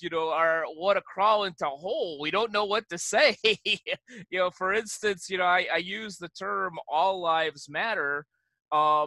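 A man's voice: high voice, bright, forceful tone, dry recording. A male podcast host who talks in a friendly, casual way, with many fillers and laughs mid-sentence. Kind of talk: casual interview talk.

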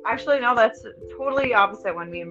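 Soft-spoken young woman, dull lo-fi sound. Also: on the high side, expressive, fast talker, soft background music. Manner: soft-spoken, shy, laughing. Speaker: podcast guest. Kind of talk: casual family chat.

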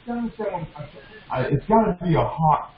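A bishop preaches an impassioned, repetitive sermon, frequently calling out to the congregation in a high, animated voice and speaking fast. The recording is lo-fi, dull, and echoey.

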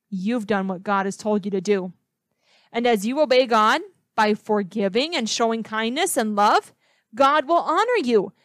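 A woman teaching a children's Bible lesson, asking the listener questions in a slow, gentle way. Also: a little high, no echo.

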